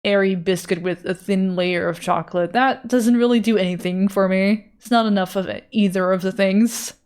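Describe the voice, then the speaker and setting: A woman's voice: mid-range voice, fairly even intonation, moderate pace, a little mellow, smooth. A woman art streamer chatting casually with her chat, loose and profane as she answers messages.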